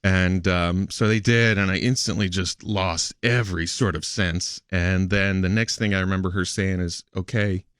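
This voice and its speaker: A man on a radio show telling a personal story in a halting, hesitant way, laughing often between words. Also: sits low, fairly even intonation, a bit bright, smooth, no echo, studio quality. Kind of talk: emotional radio studio talk. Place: radio studio.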